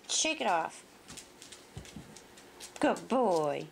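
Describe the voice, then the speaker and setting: A woman's voice: a little high, sing-song, slow, vocal fry, slight background noise. A woman filming her puppies at their pen indoors and talking to them in a cooing, baby-talk way. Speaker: puppy owner filming her litter. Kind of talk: casual talk to pets.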